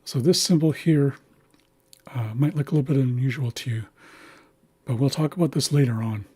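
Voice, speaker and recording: A man teaching a language lesson, patiently walking through pronunciation and repeating example words slowly. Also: mid-range voice, a little mellow. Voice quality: very breathy, husky. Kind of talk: slow instructional walkthrough.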